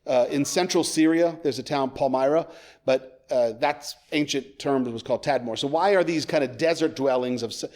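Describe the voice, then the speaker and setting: A man's voice: mid-range voice, darkish tone. A man in a church sanctuary, giving a conversational sermon as a rabbi with joking asides. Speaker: rabbi, guest preacher.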